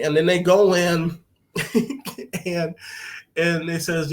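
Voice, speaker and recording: Man podcast host, slightly high voice, casual profane recap full of fillers. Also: steady tone, moderate pace. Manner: loose, profane, laughs often, many fillers.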